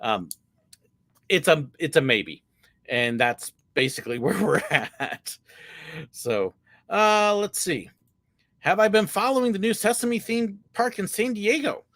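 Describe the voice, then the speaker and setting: A man's voice: high voice, lively intonation, unhurried, long pauses, fairly bright tone, dry recording. A middle-aged man hosting a casual livestream, answering viewer questions in a candid, chatty way with plenty of filler words. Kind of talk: casual live Q&A chat.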